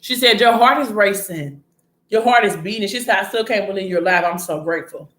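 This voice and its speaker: A woman talking casually and bluntly, swearing freely and slipping in slang as she recaps a story. Her voice sits in a middle pitch. It bounces around a reverberant room. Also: fairly quick. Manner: blunt, animated, frequent profanity and slang. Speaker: vlogger recapping a TV series. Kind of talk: casual chat retelling a story. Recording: echoey room.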